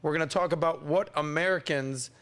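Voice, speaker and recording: High-energy male podcast host, rather high. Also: a little fast, smooth. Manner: energetic, playful hype-man delivery with teasing asides. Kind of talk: hyped-up casual podcast hosting.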